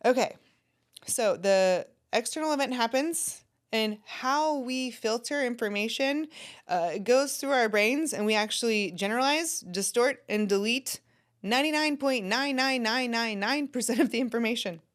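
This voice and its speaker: Brief: animated woman life coach hosting her own podcast, conversational and direct. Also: on the high side, normal speed. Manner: animated, conversational, talks to the listener. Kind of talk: solo podcast teaching.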